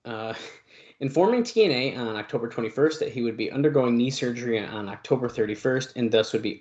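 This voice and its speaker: In a muffled recording, a man with a medium-pitched, darkish voice co-hosts a podcast, reading long news passages aloud with filler words and side comments.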